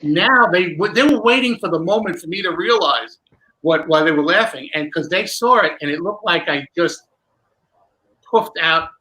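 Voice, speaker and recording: A man, a magician guest, telling a long animated story with many restarts in a candid interview. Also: high-pitched, moderate pace, rough recording.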